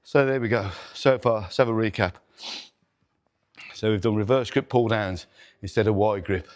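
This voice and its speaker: A man's voice: fairly low pitch, normal speed, darkish tone. Man, middle-aged, gym vlog host, counts reps, swears and groans mid-set, indoor gym. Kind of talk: workout demonstration vlog.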